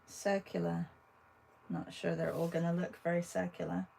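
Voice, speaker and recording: A woman's voice: on the low side, flat delivery, normal speed, gravelly, warm tone, slight background noise, rough recording. A woman art teacher chatting casually with viewers while she draws, thinking aloud as she works. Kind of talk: casual livestream drawing demo.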